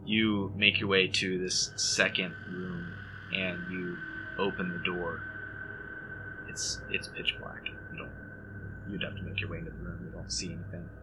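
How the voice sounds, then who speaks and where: Deep-voiced man running a tabletop game. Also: little pitch movement, noisy background. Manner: descriptive, halting narration. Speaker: game master.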